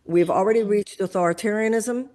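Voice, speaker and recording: A woman's voice: medium pitch, brisk, warm tone. An older woman, speaking as a guest and making an impassioned, lecturing political argument. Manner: emphatic, lecturing, builds arguments with examples.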